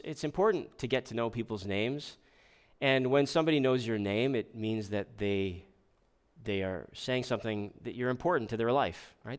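A man's voice: fairly low pitch, clear, resonant tone. A man preaching a sermon as pastor, talking in a conversational way, asking the congregation rhetorical questions and often restarting his words.

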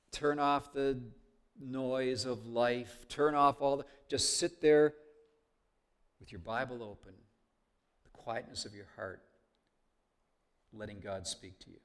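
A man preaching a sermon in an earnest, conversational way. He leans into key words with extra volume, then drops almost to a hush, with a medium pitch throughout. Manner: earnest, conversational, swings from loud to hushed. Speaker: pastor.

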